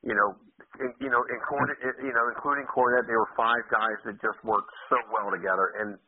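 A man with a husky voice calls in, agreeing readily and tripping over his words in quick restarts. He sounds thin and tinny over the phone line. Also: on the low side, fairly even intonation. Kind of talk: casual call-in radio chat.

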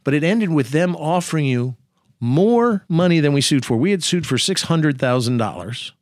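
A man, a lawyer and politician, telling a story in a podcast conversation with lively, teasing jokes. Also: fairly high pitch, normal speed, no room sound, clean studio sound. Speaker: lawyer and state senator.

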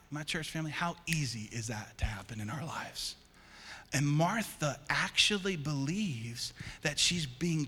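High, bright-voiced preacher in a hall. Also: male voice, husky. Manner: emphatic, repetitive, calls out to congregation. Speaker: pastor. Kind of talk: sermon. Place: church sanctuary. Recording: long church-hall reverb.

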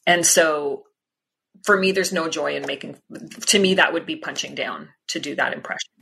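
A woman's voice: sits low, moderate pace, vocal fry, a bit bright, slight background noise. A woman from Canada, a guest comedian, chatting animatedly in an interview and laughing between thoughts. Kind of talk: casual interview chat.

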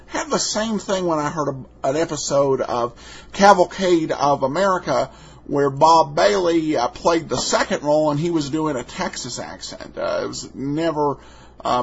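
Casual male podcast host, slightly raspy and high, hesitant delivery, lo-fi recording. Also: fairly bright tone. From Idaho. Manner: chatty, hesitant, many fillers.

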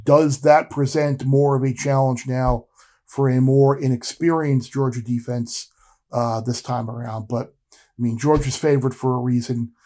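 A man with a mellow, warm voice co-hosts a casual sports podcast. He rambles in a relaxed way, restarting his sentences as he goes. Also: medium pitch, a little slow. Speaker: podcast co-host.

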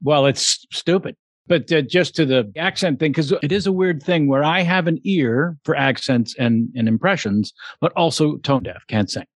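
A man's voice: a little high, moderate pace, no room sound. A man hosting a casual interview podcast, chatty and playful, given to slipping into impressions. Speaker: podcast host.

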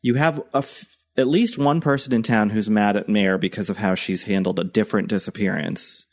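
A man's voice: lowish voice, brisk. A man co-hosting a podcast in casual chat, hesitant and joking with many fillers. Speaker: podcast co-host.

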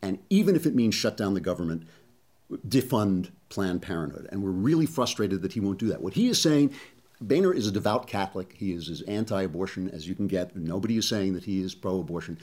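A male commentator with a mid-range voice whose pitch swings widely as he talks. He is animated and conversational, with a sarcastic edge. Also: fairly quick. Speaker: talk show host. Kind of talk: political commentary monologue.

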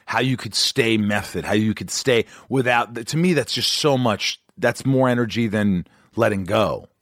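Animated, swearing male podcast host. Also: on the low side, normal speed, no echo. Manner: profane, animated, does impressions in anecdotes. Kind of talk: casual chat.

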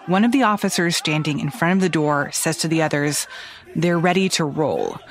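A man's voice: fairly high pitch, big pitch swings, normal speed, a bit bright. A man hosting a news podcast, telling the story in a conversational, explanatory way. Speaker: podcast host.

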